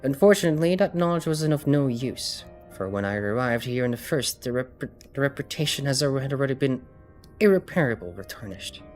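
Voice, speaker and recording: A woman voicing a formal, scholarly fantasy game character, reading the dialogue in a measured way. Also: rumbling low, animated, a little mellow, voice pushed up. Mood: earnest. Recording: music behind.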